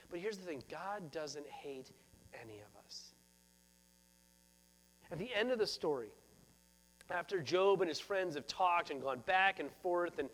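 A man's voice: sits high, a bit bright. A man preaching a sermon as pastor, earnest and repeating phrases for emphasis.

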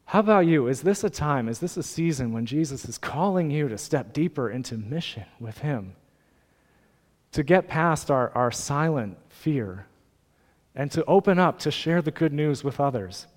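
A man preaching a sermon as a pastor, with an earnest, gently pleading delivery. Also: on the high side, animated, normal speed, in a large hall.

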